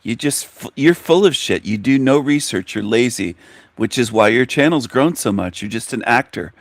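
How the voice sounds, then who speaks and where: Recorded with studio quality and no room sound, a man with a medium-pitched voice speaks at a moderate pace. He's hosting a reaction commentary, ridiculing and challenging the video in front of him and answering back to the clip.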